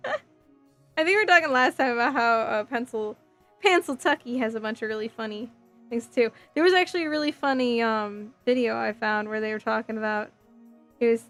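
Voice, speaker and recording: A livestream host with a slightly high voice builds a model kit while reading viewer comments in casual stream chat. She's chatty and rambling, full of fillers and self-corrections, and her voice is getting a faint hoarse edge. Soft music plays quietly underneath.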